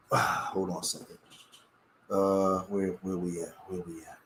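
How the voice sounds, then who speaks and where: A man's voice: sits low, level tone, unhurried, a bit bright, slight background noise. A man talking on a live stream, impassioned and rambling, often restarting his sentences. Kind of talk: emotional live-stream talk. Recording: roomy echo.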